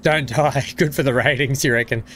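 This gaming streamer's mid-range, fairly bright voice moves at a moderate pace with mostly even intonation. He's casual and chatty on his live stream, calling out chat members by name and poking fun at himself while coughing through something in his throat, with a slight hiss or hum behind him.

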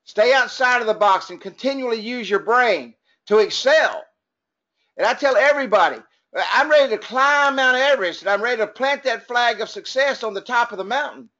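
High-voiced Texan man coaching online. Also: moderate pace, bright, forceful tone, muffled recording. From Texas. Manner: folksy, upbeat, chats with attendees and jokes. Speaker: business trainer. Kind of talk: motivational webinar training.

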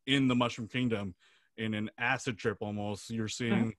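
Chatty, rambling podcast host. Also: male voice, on the low side, fairly even intonation, moderate pace, a bit bright, no echo, clean studio sound. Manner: chatty and rambling, laughs easily. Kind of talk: casual chat.

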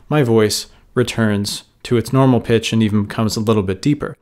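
A man teaching how to record a voice, explaining calmly in a closet set up as a recording booth and speaking into a studio microphone. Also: fairly low pitch, fairly quick, few pauses, reverberant. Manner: calm, explanatory, demonstrating as he goes. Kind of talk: instructional tutorial.

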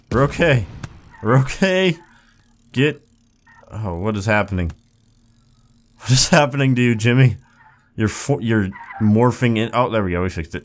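A young man with a fairly low voice talks through a video game in easygoing let's-play commentary. He jumps up into yelps at every crash, then drops back to wry, laid-back asides. A faint hiss sits under the voice. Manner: excitable, yelps and laughs at mishaps, wry jokes. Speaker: gaming YouTuber.

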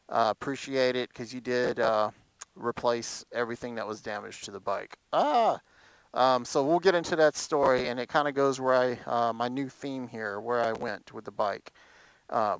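Casual male motorcycle vlogger with a smooth, dry voice who rambles with fillers. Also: medium pitch, no echo, low-quality recording. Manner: animated storytelling. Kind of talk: casual chat.

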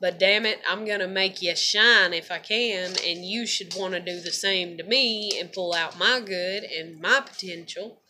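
A woman's voice: on the low side, unhurried, few pauses, pushed and bright, slight background noise. A tired young woman, venting to camera in a rambling, profane way and laughing often. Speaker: vlogger.

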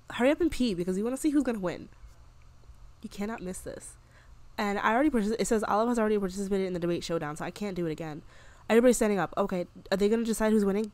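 Young woman gaming, talks fast and excitable, chatty let's-play vibe. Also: mid-range voice, no room sound. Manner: chatty, excitable, with frequent gasps and laughs. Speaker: gaming video creator. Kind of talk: casual let's-play commentary.

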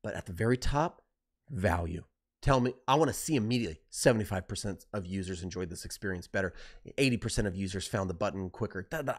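A man teaching design on a live stream, talking fast and excitedly, driving points home with rhetorical questions. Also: on the low side.

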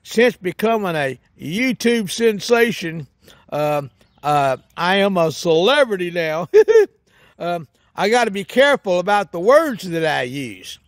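With a high, animated voice at a measured pace, this man is recorded in studio quality with no echo. A comedy sketch character host, he takes on a goofy rural hillbilly persona for a whooping monologue, drawling folksily with hoots and cackles.

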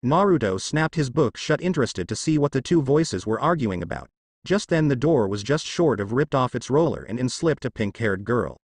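A man's voice: medium pitch, expressive, normal speed, no room sound, studio quality. A man reading a fan fiction story aloud as narrator, voicing all the characters. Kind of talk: fanfiction audiobook narration.

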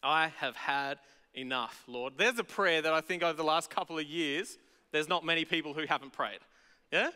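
Bright-voiced Australian pastor preaching. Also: male voice, fairly high pitch, a little fast, in a large hall. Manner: conversational and animated, acting out voices. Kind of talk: sermon. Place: large church auditorium.

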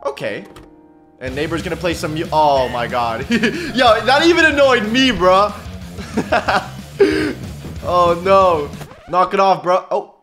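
Male reaction YouTuber: excitable, slang-heavy, animated delivery in a slightly high register. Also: slow, faint music behind. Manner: excitable, slangy, laughs often. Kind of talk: casual reaction commentary.

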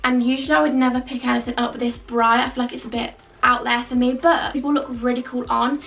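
A young woman with a raised, gravelly voice gushes about clothes in a chatty, filler-heavy way. She sounds a little out of breath and sits back from the microphone, with faint music playing behind her. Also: fairly high pitch, little pitch movement, fast, a bit bright, lo-fi sound. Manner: bubbly, gushing, chatty with many fillers. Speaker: fashion vlogger. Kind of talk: casual try-on haul chat. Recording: distant mic with faint background music.

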